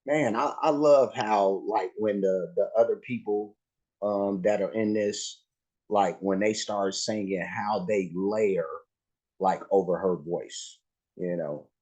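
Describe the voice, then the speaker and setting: A man's voice: fairly low pitch, slow pace, darkish tone, poor audio. A man casually reacting to a live music video, talking in a laid-back way with lots of fillers and restarts.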